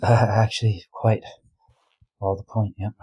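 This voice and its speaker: A man co-hosting a podcast in casual chat, calm with dry humor. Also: on the low side, unhurried, breathy edge, poor audio. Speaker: podcast co-host.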